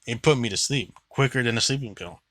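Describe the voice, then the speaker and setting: A man's voice: medium pitch, brisk, fairly bright tone, dry recording. A young man giving a rambling, blunt movie review monologue, swearing freely and filling gaps with "like".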